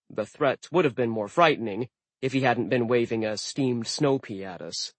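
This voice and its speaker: Male audiobook narrator, wry and deadpan, with a husky voice and a dry, close sound. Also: medium pitch, normal speed, no room sound. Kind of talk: first-person audiobook narration.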